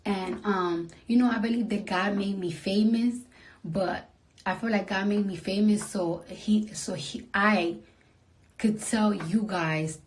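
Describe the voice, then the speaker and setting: A sleepy woman at home at night, talking into her phone on a casual livestream, soft and emotional and often dropping to a whisper. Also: mid-range voice, fairly even intonation, slow pace.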